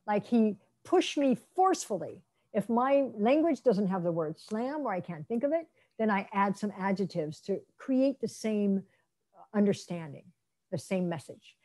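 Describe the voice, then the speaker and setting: A middle-aged woman lectures on interpreting with a mellow, warm tone. She slips into lively role-play, voicing doctors and patients as she explains. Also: medium pitch. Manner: lively, acts out quoted speakers in role-play. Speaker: interpreter trainer. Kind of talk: lecture presentation.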